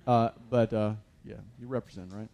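A man's voice: on the low side, fairly even intonation, normal speed, dark tone. A man preaching a sermon as a pastor, conversational with many fillers and restarts, building to emphatic peaks.

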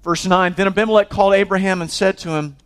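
High-voiced impassioned male preacher. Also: steady tone, fast, clear, resonant tone. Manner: impassioned, swings between loud exhortation and hushed intensity; frequent restarts and repeated words. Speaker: pastor. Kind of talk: sermon.

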